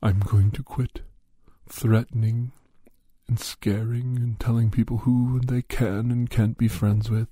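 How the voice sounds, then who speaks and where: A man voicing a lonely, self-pitying male Grinch who repents, speaking slowly and mournfully. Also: mid-range voice, flat delivery, mellow, slightly rough, no room sound, clean studio sound. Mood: repentant.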